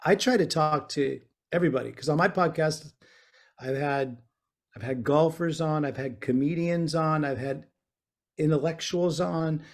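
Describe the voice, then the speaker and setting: A man's voice: on the high side, moderate pace. A man guesting on a podcast over a video call from a small bedroom, talking in a rambling, easygoing way with lots of fillers and restarts. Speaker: guest guitarist.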